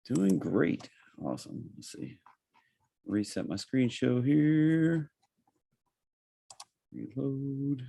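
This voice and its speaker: A man's voice: mid-range voice, extremely slow, creaky, long pauses, no room sound. Chatty Southern man hosting a webinar. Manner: relaxed, chatty, with frequent fillers. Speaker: trading webinar host. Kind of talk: casual live webinar presentation.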